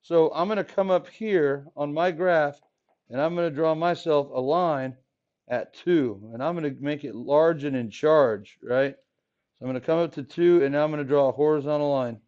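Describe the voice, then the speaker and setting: A man teaching a math class in a relaxed, joking way, often asking students questions as he works through problems. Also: fairly high pitch, normal speed. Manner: casual, jokey, asks the class questions. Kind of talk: classroom lesson. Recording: dull lo-fi classroom recording.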